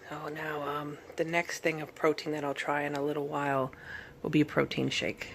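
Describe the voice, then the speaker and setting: A woman vlogging at home while recovering from surgery, tired and in pain, talking in a halting, rambling way full of fillers and restarts. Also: sits low, level tone, creaky, slight background noise. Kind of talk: casual recovery vlog. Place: at home, sitting in bed.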